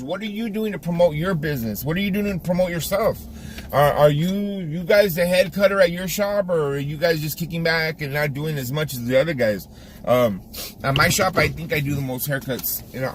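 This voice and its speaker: Barbershop owner, male, Californian accent, high voice, chatty coaching vlog with restarts, faint road noise. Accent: Californian English. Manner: talkative, repeats words, restarts, coaching tone. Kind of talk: casual vlog monologue. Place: driving around town, then in his barbershop.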